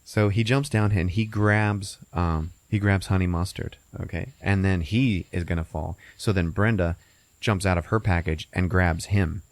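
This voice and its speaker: Low voiced guy rambling through a movie plot, swearing a lot, dry podcast mic. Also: moderate pace, no echo. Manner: animated, profane, laughs often. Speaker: podcast host. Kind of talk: casual movie recap.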